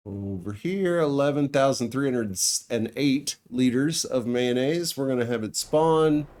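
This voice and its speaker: A man records a let's play of his farming game, musing casually and laughing a little as he thinks out loud. His voice is medium in pitch with a measured pace.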